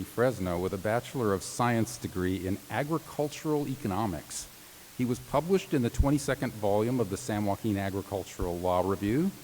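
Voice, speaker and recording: Reading graduates' tributes at a commencement ceremony, this man keeps a formal tone broken up by playful jokes. His voice is on the low side and darkish, heard in a big, reverberant hall with faint hiss.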